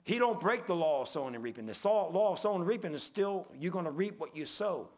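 A man preaching a sermon in a folksy way, swinging from loud, high emphasis to low, quiet confession. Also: animated, fast.

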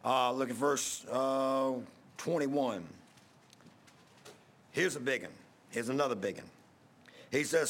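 A middle-aged pastor, preaching in a folksy, rambling storytelling way, repeating himself and getting loud at emotional peaks. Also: male voice, medium pitch, unhurried, long pauses.

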